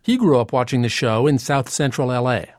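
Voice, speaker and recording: An American man narrating a documentary in a measured, reflective tone. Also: medium pitch, animated, no room sound. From United States. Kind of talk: scripted narration. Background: music.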